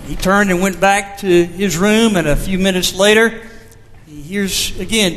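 A man preaching a sermon as pastor, with a measured storytelling manner, recorded in a church sanctuary. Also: high voice, fairly bright tone, long reverb tail.

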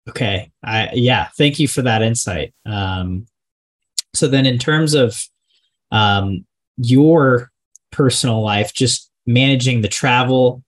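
A man interviewing a coach, asking questions in an easygoing, hesitant way. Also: mid-range voice.

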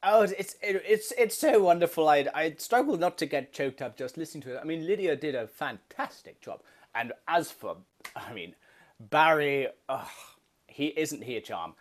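A man's voice: fairly high pitch, animated, close to an everyday voice. A man playing a stammering, doddery old film director. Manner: stammering, halting, full of restarts. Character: rambling, heavily medicated older male film director. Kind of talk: comedy sketch interview.

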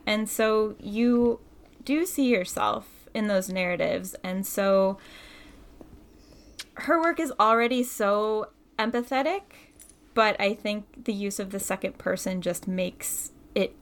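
A woman speaks thoughtfully about a book. Her voice has a gravelly fry, and she builds each point in long, connected sentences. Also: mid-range voice, slow. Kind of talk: casual literary discussion.

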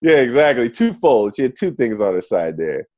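A man being interviewed as an author, talking in a lively way and often restarting his phrases. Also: medium pitch, moderate pace. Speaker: guest author. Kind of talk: conversational interview.

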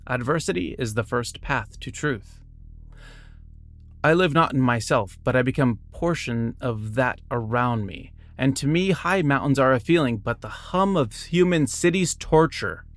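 A man's voice: medium pitch, vocal fry. A man reading short biographies and quotes aloud, breaking off now and then for casual asides and small self-corrections.

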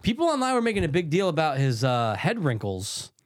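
A man's voice: fairly high pitch, wildly swooping pitch, brisk, dry recording, clean studio sound. A man co-hosting a casual podcast chat, laid-back and rambling, with crude humor. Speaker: podcast co-host.

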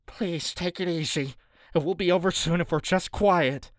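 A frightened older man begs for calm in a thin, raised voice, as a male narrator puts him on. The tone is smooth and the recording is dry and close, with no room around it. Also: no room sound, natural voice. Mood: pleading. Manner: higher, pleading, halting. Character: panicked older wealthy man, pleading.

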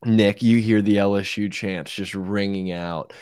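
A man with a very deep voice talks sports on a casual podcast, quick to laugh and swear. The sound is dry and close. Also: clean tone, dry recording. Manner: excitable, laughing, profane.

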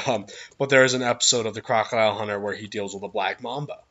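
A man co-hosting a casual podcast, telling stories in a relaxed, rambling way with lots of restarts. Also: fairly low pitch, fast, lo-fi sound, slight background noise. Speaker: podcast co-host. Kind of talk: casual chat.

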